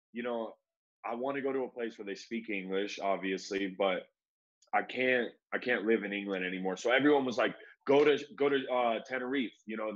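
A man telling a long story in relaxed, casual talk, peppered with "bro". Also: medium pitch, highs cut off. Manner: laid-back, says "bro" a lot, acts out quoted voices. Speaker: guest.

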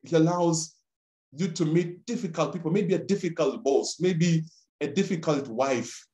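A man's voice: on the high side, moderate pace, dark tone. Man, pastor, from Rwanda, sermon, emphatic repetition, echoey room. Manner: repeats words and phrases, pleading and emphatic. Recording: roomy echo.

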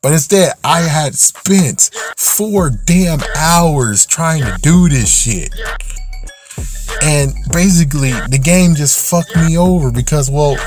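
A man ranting angrily and swearing as he vents about an online game. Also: a little high. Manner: ranting, frequent swearing, exasperated. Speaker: gaming channel host. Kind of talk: angry gaming rant.

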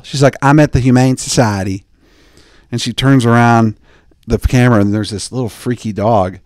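A man hosting a podcast, telling jokey, digressive stories and slipping into quick impressions of the people he quotes. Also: medium pitch, fairly even intonation, darkish tone, no room sound, clean studio sound. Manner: digressive, joking, mimics people in quoted asides. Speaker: podcast host. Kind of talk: rambling comedic podcast chat.

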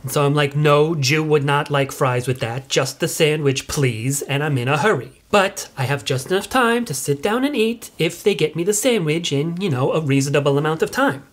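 A woman's voice: deep voice, animated, normal speed, hardly any pauses. A woman playing an entitled middle-aged suburban mother who rambles on in chatty, self-righteous complaints. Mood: indignant. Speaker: mother leaving video messages. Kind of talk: comic monologue.

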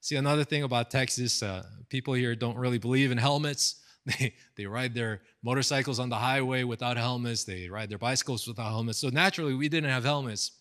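A fairly quick-talking American pastor in his thirties, with a medium-pitched voice, gives a casual storytelling sermon indoors for an online seminar recording. His animated delivery is full of fillers and acted-out quotes.

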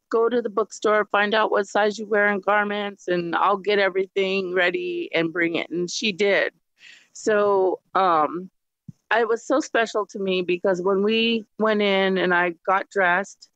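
A woman sharing her personal faith testimony, retelling conversations with lots of quoted back-and-forth and lively jumps in pitch. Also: dry recording. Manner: retells conversations with lots of "I go, she goes" quoting; animated, jumps high in pitch when quoting surprise. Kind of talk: personal storytelling. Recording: dull, slightly lo-fi dry recording.

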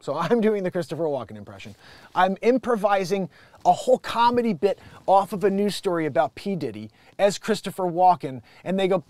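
A man's voice: high voice, fairly quick, no echo. A man hosting a live-stream show, talking casually and animatedly with many restarts. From Connecticut, USA. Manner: animated, rambling, frequent restarts. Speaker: livestream show host.

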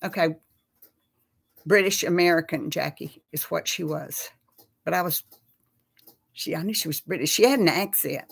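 A woman's voice: low-pitched, moderate pace, creaky, pauses often, slightly rough. A middle-aged woman with a Texas accent, chatting casually with viewers on a live stream and calling them y'all. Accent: Texan. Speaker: host of a live chat.

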